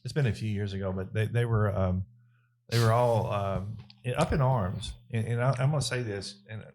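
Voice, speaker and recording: Give me a halting man with faint noise behind. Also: on the low side, darkish tone. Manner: jokey, halting, restarts often. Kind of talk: casual chat.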